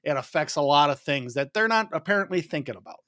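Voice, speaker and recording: A man who works as a mortgage lender, speaking in a measured way and thinking aloud as he explains rates. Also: a little high, expressive, fairly bright tone, dry recording, studio quality. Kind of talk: casual interview answers.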